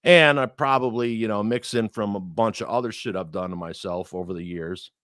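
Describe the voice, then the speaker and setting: A man's voice: on the low side, brisk, no echo, clean studio sound. A man telling a personal story in casual chat, swearing freely and acting out the people he quotes. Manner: profane, animated, acts out quoted people.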